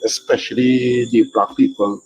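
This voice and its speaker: A man's voice: mid-range voice, level tone, moderate pace, lo-fi sound, background noise. A man from Trinidad with a Trinidadian accent, calling into a casual live stream and speaking hesitantly with many fillers and restarts. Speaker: caller.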